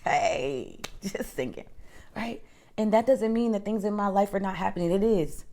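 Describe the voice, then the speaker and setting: A woman hosting a podcast, delivering an emphatic, encouraging self-help monologue that swings between loud emphasis and soft, near-whispered lines. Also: medium pitch, moderate pace. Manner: emphatic and encouraging, addresses listener as honey and girl. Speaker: podcast host.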